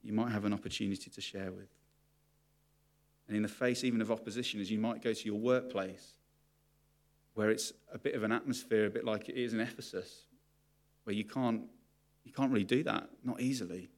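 A man's voice: on the low side, steady tone, fairly quick, long pauses. A man preaching a sermon to his congregation, candid and confessional about his own struggles. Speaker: pastor.

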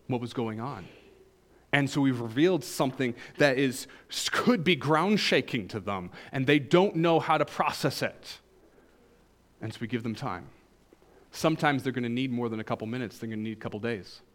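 A man delivers a sermon as a pastor, talking it through like a story with wry humor. His voice sits in an ordinary middle pitch, climbing to emphatic highs and then dropping into soft, low asides.

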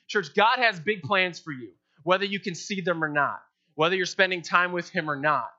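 A young man preaching a sermon as pastor, animated, acting out quoted prayers in playful voices. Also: on the high side, fairly quick. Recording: dull lo-fi sound.

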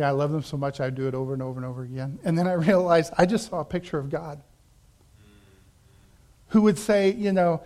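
Man, pastor, sermon, fairly high voice, animated storytelling, quoted voices. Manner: animated storytelling, acts out quoted voices, laughs between lines.

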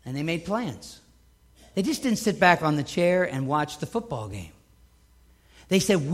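A man with a notably high voice delivers a sermon from the pulpit. He preaches emphatically, stacking points and repeating phrases to drive them home. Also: very animated, normal speed, slightly rough. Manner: emphatic, building repetition.

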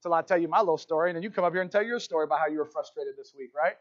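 Male pastor, high-pitched, animated sermon, playful asides, muffled lo-fi sound. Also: very fast. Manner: animated, playful asides, keeps asking "right?". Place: church hall.

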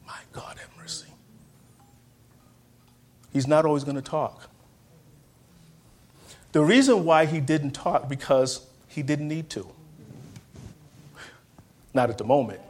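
This higher-pitched male preacher speaks a little slowly and expressively, pausing often during his church sermon. He repeats phrases, asks the congregation to respond, and moves between loud outbursts and hushed tones.

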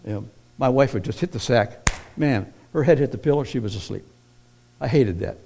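A man preaching a sermon, moving from hushed personal storytelling to loud, emphatic declarations. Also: mid-range voice, moderate pace, gravelly, a little hiss or hum. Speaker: pastor.

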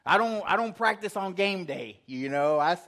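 A man's voice: sits high, animated, moderate pace, vocal fry, fairly bright tone. A man preaching a casual, conversational sermon, telling a self-deprecating story with quoted asides. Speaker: pastor.

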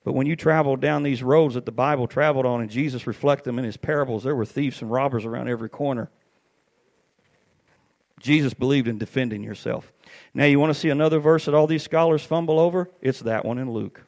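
A middle-aged man preaching a sermon, telling stories with animated swings up to shouted peaks. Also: medium pitch, fairly quick, creaky.

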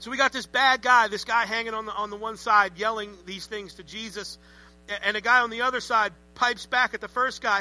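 A man preaching a sermon in a conversational, animated way with joking asides. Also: high voice, brisk, soft background music, low-quality recording. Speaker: pastor.

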